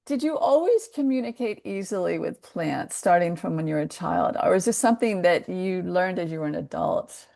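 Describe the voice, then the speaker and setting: Woman interviewer, earnest and heartfelt, gravelly tone. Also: on the low side, animated, normal speed, hardly any pauses, warm tone. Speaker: interview host. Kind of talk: interview questions.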